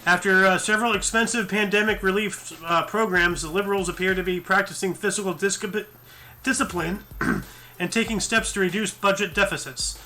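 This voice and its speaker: A man's voice: high-pitched, fairly even intonation, moderate pace, pushed and bright. A tired man hosting a news show, reading articles aloud and breaking off into rambling asides full of fillers and restarts. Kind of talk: casual news commentary read from articles.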